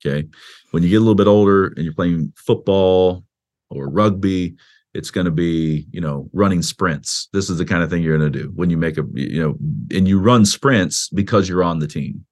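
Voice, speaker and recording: A man's voice: low-pitched, normal speed. A man, a pastor and author, explaining his views in a podcast interview in a conversational way, often restarting and acting out quotes in a raised voice. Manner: animated, acts out quoted speech with a raised voice; conversational with frequent restarts and "you know".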